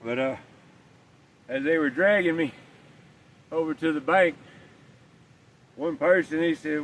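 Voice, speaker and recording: Male vlogger, casual rambling yarn told outdoors, slightly raised pitch, recorded from a distance. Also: a little slow, long pauses. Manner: rambling, folksy, swears casually. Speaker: vlogger telling a story. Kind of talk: casual storytelling. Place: outdoors, walking with a dog. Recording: distant mic, faint outdoor noise.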